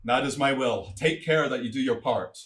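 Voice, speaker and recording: A man performs a commanding king in a stage play, declaring his will with force and then dropping to a cold, level hush. His voice sits at an ordinary middle pitch for a man, and he sounds grave and unbending throughout. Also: normal speed, distant mic, natural voice. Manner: declamatory, swings from loud proclamations to cold quiet threats. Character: stern commanding male king laying down the law.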